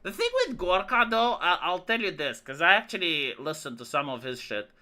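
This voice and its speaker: A woman's voice: lowish voice, lively intonation, a little fast, bright, forceful tone. A woman live streamer telling a rambling, profane story in casual chat, full of fillers and restarts. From Romania.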